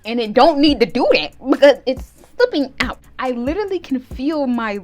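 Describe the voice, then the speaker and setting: A young woman vlogger telling a storytime tale in casual slang, animated and laughing, breaking into loud shouted reenactments. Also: a little high, normal speed, hardly any pauses. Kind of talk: storytime vlog.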